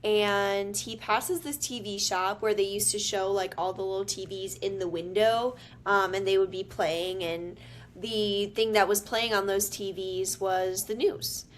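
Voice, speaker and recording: A woman co-hosts a casual podcast, recapping a film scene in a relaxed, meandering way. Her voice sits in an ordinary middle range, with a faint hiss underneath the recording. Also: medium pitch, a little slow. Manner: easygoing storytelling with frequent ums and likes. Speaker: podcast co-host. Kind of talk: casual movie recap chat.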